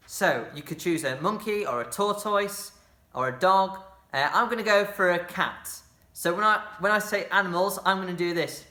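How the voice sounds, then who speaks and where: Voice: mid-range voice, bright, forceful tone, reverberant. A drama workshop leader guiding children through a movement game, encouraging them and making playful sound effects.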